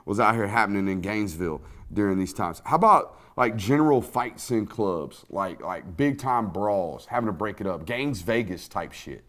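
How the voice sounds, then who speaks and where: A man hosting a sports podcast, telling stories in an animated, profane, casual way. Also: fairly low pitch, normal speed, hardly any pauses.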